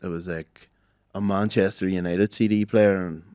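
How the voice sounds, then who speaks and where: A young man with a low voice, chatting in a laid-back, sweary way with his mate on a podcast. The sound is dry and close, with no room to it. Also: fairly even intonation, moderate pace, darkish tone, clean tone, dry recording. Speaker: podcast co-host. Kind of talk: casual chat.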